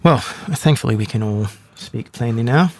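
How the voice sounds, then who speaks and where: A stern, stone-faced spymaster delivers clipped, formal orders, as a man puts him on at the game table. The voice sits at a middling pitch and stays level and unhurried. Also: animated, a little hiss or hum, lightly acted.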